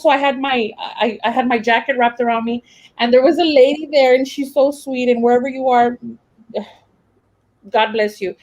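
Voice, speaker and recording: A woman's voice: fairly high pitch, normal speed, darkish tone, poor audio. Young woman teacher, candid and emotional, talks in loose restarts. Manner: emotional, rambling with many fillers and restarts. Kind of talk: casual personal account.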